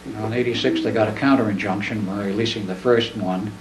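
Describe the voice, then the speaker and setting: Speaking to an audience in a presentation room, an older man relates stories in a low, steady, folksy voice, plain-spoken and taking his time. He mimics those he quotes. A distant mic leaves the room echoing, with faint noise beneath.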